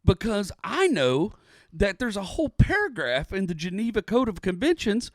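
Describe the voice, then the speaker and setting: A man from Houston, co-hosting a comedy podcast and telling stories with animated, acted-out quotes. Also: high-pitched, normal speed, dry recording, clean studio sound. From Houston, Texas. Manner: animated, acts out quotes, laughs often. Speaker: podcast co-host. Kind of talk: casual comedic storytelling.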